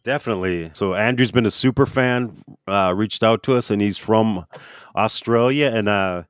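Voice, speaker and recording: Easygoing podcast dude introducing a guest, dry close sound. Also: male voice, fairly low pitch, normal speed, clear, resonant tone, no room sound. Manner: easygoing, laughs often. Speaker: podcast host. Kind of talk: casual interview.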